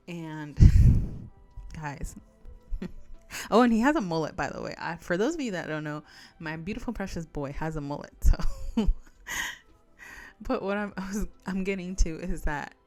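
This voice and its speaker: A woman's voice: on the low side, darkish tone. A young woman hosting a casual crafting chat, rambling through stories and giggling often. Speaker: crafting channel host. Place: home craft table.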